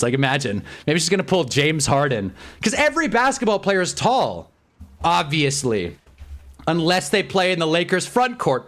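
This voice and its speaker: Young guy streaming, rambly and animated, kinda high voice. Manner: animated, rambling, self-mocking. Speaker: livestreamer. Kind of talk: casual storytelling on a live stream.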